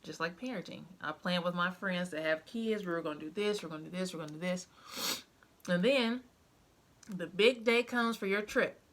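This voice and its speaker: A young mom speaks to the camera at normal speed in a voice on the low side. She recounts her life as a mother casually and emotionally, using many fillers.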